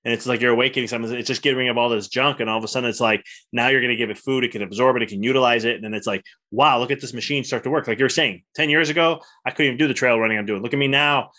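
A man's voice: medium pitch, fairly even intonation, rapid-fire, few pauses, bright, forceful tone. A man hosting a podcast, talking in an enthusiastic, rambling way with many restarts. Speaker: podcast host, chiropractor. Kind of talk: casual interview chat.

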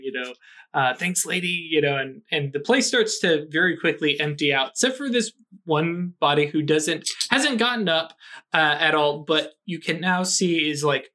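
A man running a tabletop game, talking in a slightly high, bright voice. He narrates scenes at length in a loose, rambling way, full of fillers. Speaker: game master.

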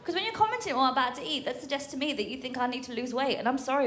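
A woman's voice: high-pitched, lively intonation, fairly quick. A woman doing a brash stand-up routine on a comedy stage, swearing freely and talking straight to the crowd. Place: comedy club stage with audience. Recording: live stage recording with audience noise.

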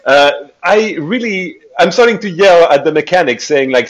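A man playing a tabletop game as a player, talking in halting starts and restarts, often laughing. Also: a little high, animated, lo-fi sound.

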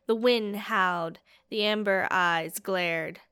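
Woman audiobook narrator, unhurried, dramatic fantasy reading. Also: medium pitch, fairly bright tone, clear, resonant tone. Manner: slow, measured and dramatic.

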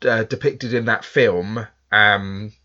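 A man from England hosts a casual podcast chat with a bright, lively tone. He talks in loose, self-deprecating asides and fills gaps with ums and restarts. The sound is dull and lo-fi. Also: lowish voice, slow. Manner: chatty, self-deprecating, many fillers. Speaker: podcast host.

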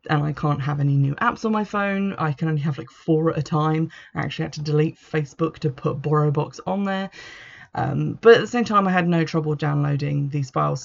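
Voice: medium pitch, vocal fry, lo-fi sound. A host giving a chatty, rambling book review with a wry, offhand manner.

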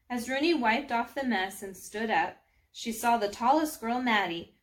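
A woman reading a children's storybook aloud, gently, sometimes speaking directly to young listeners. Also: medium pitch. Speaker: storybook narrator.

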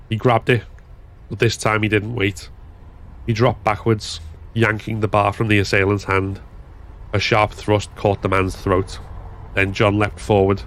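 A man giving a steady, measured scripted narration of a story. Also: on the low side.

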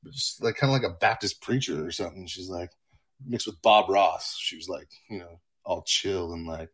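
A man's voice: low voice, moderate pace, fairly bright tone, slightly rough. A man hosting his own livestream from home, rambling casually with profanity and self-mocking asides. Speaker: livestream host.

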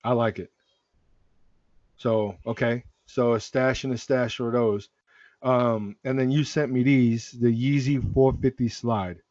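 A man's voice: mid-range voice, measured pace, no room sound, muffled recording. Laid-back man hosting a sneaker chat. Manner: relaxed, rambling with restarts. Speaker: sneaker podcast host. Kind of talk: casual chat.

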